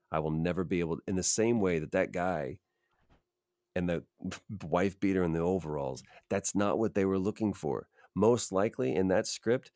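As a podcast guest, a voice actor reflects on his acting career in an interview, offering advice earnestly and emphatically. His voice is extremely deep and a little mellow. The recording is dry and close, with no room echo.

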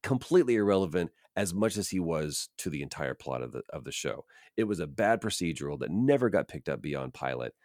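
A man's voice: deep voice, sing-song, fairly quick, hardly any pauses, darkish tone, dry recording, clean studio sound. A man, an actor, casually telling a self-deprecating story full of fillers and restarts. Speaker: actor guest.

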